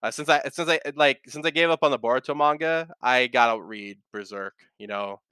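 A man's voice: mid-range voice, brisk, bright, forceful tone, clear, resonant tone, dry recording. A man hosting a podcast, chatting casually and rambling with frequent restarts and fillers, swearing now and then. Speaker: podcast host. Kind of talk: casual chat.

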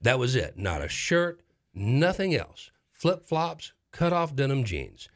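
A middle-aged man hosting a talk show, telling a dramatic story in a casual, animated way with repeated phrases for effect. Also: mid-range voice, slow pace.

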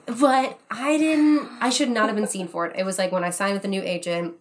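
A young American woman, an actor, telling a story in casual chat, animated and laughing often as she acts out quotes. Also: mid-range voice, a little fast. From United States. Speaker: podcast guest, actor.

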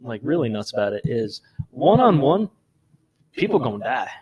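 A man's voice: medium pitch, sing-song, darkish tone, slightly rough, lo-fi sound. A man co-hosting a podcast, chatting casually and teasing his friend with short, dry quips. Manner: dry, teasing, quick jabs. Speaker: podcast co-host. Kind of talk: casual chat.

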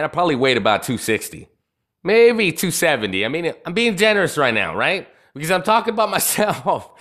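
A man's voice: mid-range voice, fairly bright tone. A man hosting a live podcast, telling stories in a swaggering, profane rant full of asides to his listeners. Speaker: podcast host.

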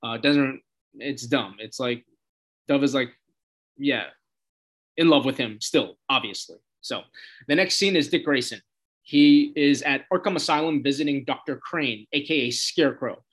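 A man's voice: medium pitch, measured pace, fairly bright tone. A man hosting a casual, profanity-laced spoken recap of a TV episode, with a loose, chatty delivery and quoted lines acted out in different voices. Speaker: show host recapping a TV episode.

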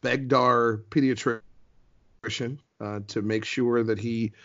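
A man's voice: mid-range voice, steady tone, slow, fairly bright tone, no echo. Man, 40s, from the United States, podcast guest, chatty, laughs a lot, dry lo-fi call sound. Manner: chatty, laughs often, many ums and restarts. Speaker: guest, team TV host and courtside reporter. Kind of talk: casual podcast interview.

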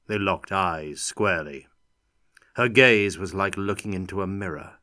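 A man narrating an audiobook with steady, unhurried dramatic storytelling. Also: sits low, no room sound, studio quality. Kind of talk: scripted narration.

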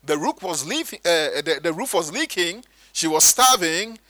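A man preaching a sermon, animated and sometimes mimicking churchgoers in higher voices. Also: normal speed, no echo, rough recording.

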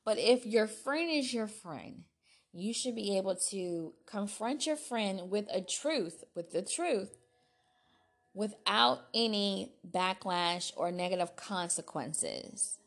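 A woman's voice: medium pitch, lively intonation, takes it slowly. A woman hosting her own solo podcast, talking in a chatty, self-deprecating way with restarts. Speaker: podcast host. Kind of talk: casual solo podcast talk.

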